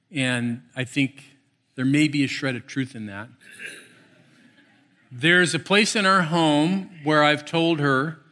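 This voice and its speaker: A middle-aged male pastor preaching a sermon, telling animated stories with playful asides. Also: mid-range voice.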